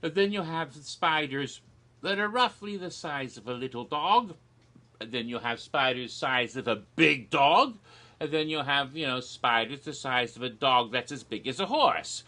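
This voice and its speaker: A man joking his way through a rambling, deadpan comedic monologue, with frequent restarts. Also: mid-range voice, normal speed. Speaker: video creator. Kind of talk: comedic monologue of made-up haunted houses.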